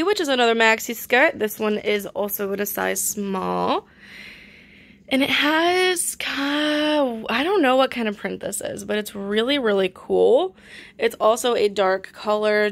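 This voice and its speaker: A woman's voice: fairly high pitch, expressive, moderate pace, fairly bright tone. A young woman chatting casually at home as she shows items for sale, describing each one with lots of fillers. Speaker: online reseller. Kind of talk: casual live-sale vlog.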